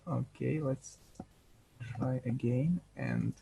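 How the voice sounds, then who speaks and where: A man with a Slavic accent talks slowly and haltingly on a video call. His voice is husky with a gravelly fry, and he apologizes often. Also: mid-range voice, warm tone. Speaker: working group organizer. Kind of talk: casual video call chat.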